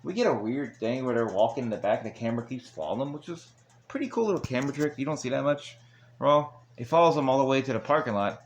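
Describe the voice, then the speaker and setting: A man's voice: medium pitch, lively intonation, quick pace, a little hiss or hum. Guy rambling through a wrestling episode recap, laughs at his own asides, everyday voice. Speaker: wrestling show reviewer.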